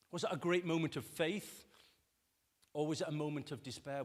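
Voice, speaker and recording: A man's voice: medium pitch, brisk. A man preaching a sermon, talking conversationally and putting rhetorical questions to his congregation. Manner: acts out quoted voices with lively shifts. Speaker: pastor. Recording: long reverb of a church hall.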